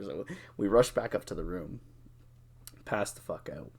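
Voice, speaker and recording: A young adult man co-hosting a podcast, telling a drinking story in a casual, animated way, swearing freely and acting out what people said. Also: mid-range voice, a little fast, vocal fry. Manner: animated, profane, acts out quotes. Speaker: podcast co-host.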